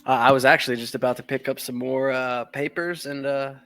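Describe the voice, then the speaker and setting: A man's voice: medium pitch, steady tone, brisk, fairly bright tone, smooth, soft background music. A man playing a tabletop game, talking casually in and out of character. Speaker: player. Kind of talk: tabletop role-play.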